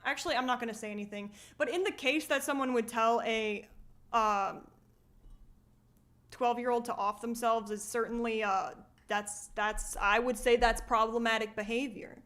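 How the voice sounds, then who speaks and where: A woman's voice: a little high, steady tone, normal speed, fairly bright tone. A woman streaming live, chatting casually as she reacts to a video and reads viewer comments, often laughing and asking questions.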